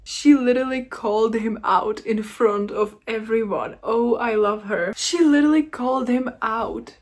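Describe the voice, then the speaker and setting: A young woman talking casually in a reading vlog, excitable and gushing, with frequent giggles. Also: fairly high pitch, moderate pace. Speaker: book vlogger.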